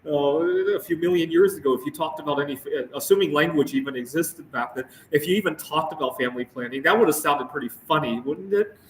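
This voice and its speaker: A man's voice: fairly high pitch, a little hiss or hum. A young man hosting his own show, ranting casually. He stops and restarts often and keeps asking "right?". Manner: halting, repeats words, asks "right?" often. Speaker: show host. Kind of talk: casual rant to camera. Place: Phoenix area, United States. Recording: echoey room, voice from far off.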